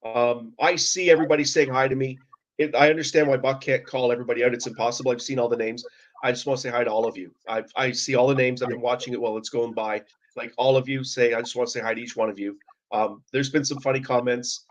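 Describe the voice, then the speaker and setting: A man's voice: mid-range voice, fairly even intonation, quick pace. A man from Canada joining a casual chat as a guest over a video call, easygoing and friendly toward viewers. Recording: dull lo-fi video call audio.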